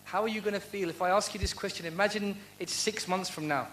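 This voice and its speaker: A man's voice: high-pitched, quick pace, a bit bright, slight background noise, poor audio. Earnest man giving a heartfelt devotional talk. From United Kingdom. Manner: earnest, heartfelt, asks rhetorical questions. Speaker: guest speaker answering audience questions. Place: university lecture event.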